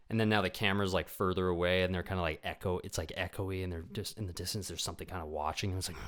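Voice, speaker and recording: A man's voice: sits low, fairly quick. Rambling young man in a solo podcast. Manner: rambling, animated, acts out voices of people he imagines. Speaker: podcast host. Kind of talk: casual solo monologue.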